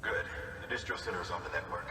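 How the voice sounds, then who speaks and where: A man's voice: low voice, animated, fast talker. An actor playing a friendly, grateful male wait-station worker in a video game, welcoming and full of praise. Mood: instructing. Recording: echoey distant game audio, noisy.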